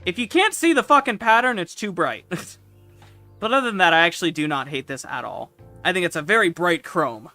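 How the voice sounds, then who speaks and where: High, animated, excitable male streamer. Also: brisk, faint music behind. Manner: excitable, swears freely, loud outbursts. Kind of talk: casual livestream commentary.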